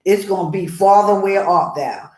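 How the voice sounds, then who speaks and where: A woman author telling a personal story in an animated way, acting out the voices of the people in it. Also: mid-range voice, normal speed, echoey room, poor audio. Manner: expressive, acts out voices in her story. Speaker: author guest.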